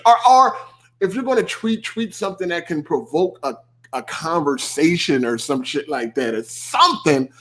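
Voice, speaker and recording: A man hosting a podcast, ranting in casual speech with lots of swearing and mocking asides. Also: sits high. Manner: animated, swearing, laughing, mocking quoted voices. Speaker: podcast host. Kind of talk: casual rant.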